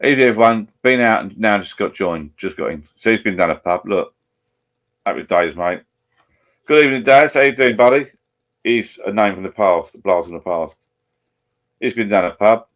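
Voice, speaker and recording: A man's voice: fairly low pitch, lively intonation, moderate pace, fairly bright tone. A man with an Essex accent hosting a live stream from home, chatting in a rambling, blokey way. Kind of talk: casual banter over a video call. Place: at home beside a laptop.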